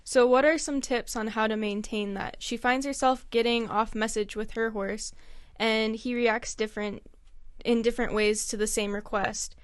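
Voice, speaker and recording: A woman hosting a podcast reads out a listener's question in a plain, conversational way. Her voice is smooth and slightly high, recorded dry and close with no room echo. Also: fairly even intonation, normal speed. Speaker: podcast host.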